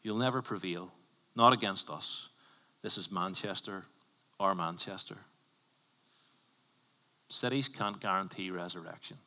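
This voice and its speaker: Bright-voiced preacher in a hall. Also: male voice, deep voice, measured pace, pauses often. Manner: emphatic, conversational preaching with sudden bursts and drops to near whisper. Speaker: pastor. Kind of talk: sermon. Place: church.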